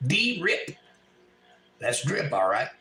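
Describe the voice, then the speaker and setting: A man's voice: medium pitch, wildly swooping pitch, takes it slowly. A man hosting a home live stream, singing and chatting with viewers in a casual, self-deprecating way. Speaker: live stream host and musician. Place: a house. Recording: roomy echo with loud guitar. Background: loud acoustic guitar.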